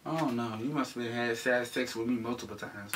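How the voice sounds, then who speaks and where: A man's voice: medium pitch, normal speed. A man co-hosting a casual chat, joking and teasing as he talks. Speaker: co-host. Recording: slightly distant mic with faint noise.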